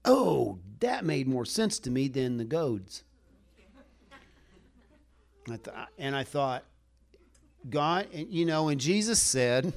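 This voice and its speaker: A man's voice: a little high, big pitch swings, slow, vocal fry, pauses often. Folksy rambling male preacher. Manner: folksy, rambling, chuckles often, asks for a show of hands. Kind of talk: sermon.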